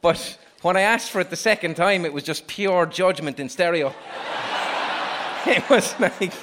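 A man's voice: sits high, measured pace, fairly bright tone. An Irish man hosting a live podcast on stage, cheeky and joking with the crowd. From Ireland. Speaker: podcast host. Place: stage before a live audience.

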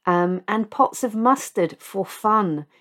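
Speaking slowly in a medium pitch with a fairly bright tone, a middle-aged woman runs a podcast where she confesses bygone misadventures. She's casual and self-mocking, often laughing at what she tells.

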